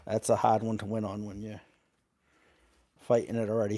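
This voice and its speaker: A man's voice: on the low side, monotone, normal speed, warm tone, no room sound, clean studio sound. A man hosting a casual live stream, reading letters aloud and greeting chat viewers.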